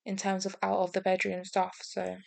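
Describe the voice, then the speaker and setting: A young woman chats on her podcast, giggling through her stories. Her voice has a gravelly fry, and it sounds dry and close, with no room around it. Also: mid-range voice, monotone, normal speed, darkish tone, dry recording. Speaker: podcast co-host. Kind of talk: casual chat.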